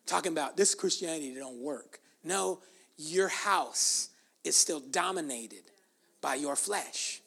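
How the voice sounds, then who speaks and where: A pastor preaching a sermon emphatically, with loud stresses and sudden soft, quiet asides. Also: mid-range voice, takes it slowly, vocal fry, breathy edge.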